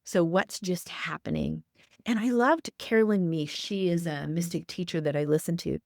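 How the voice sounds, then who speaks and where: A woman's voice: on the low side, a little mellow, dry recording, studio quality. A woman hosting a tarot forecast podcast, talking through the cards with repeated encouraging affirmations. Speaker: tarot reader and podcast host.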